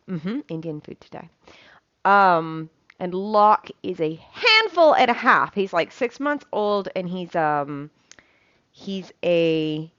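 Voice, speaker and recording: A woman's voice: on the low side, fairly bright tone, no echo. A woman chatting casually as she cooks, rambling with lots of ums and casual swearing. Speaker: cooking vlogger. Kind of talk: casual chat while cooking. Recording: dull lo-fi sound.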